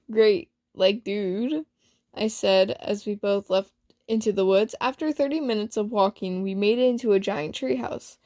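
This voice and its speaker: A woman reads her own homemade story aloud at an unhurried, slow pace, in a mid-range voice. She stays loose and chatty, curses casually, and stops to correct herself or make offhand remarks. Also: medium pitch, mellow. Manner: loose, chatty, swears, asides and self-corrections. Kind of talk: casual reading of a self-written story.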